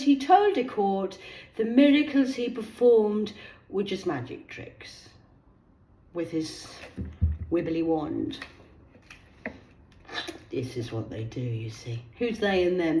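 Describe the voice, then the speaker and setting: A woman's voice: medium pitch, warm tone, roomy sound, rough recording. A woman reading out news stories in a casual vlog, swearing freely, whispering asides and laughing between items. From United Kingdom.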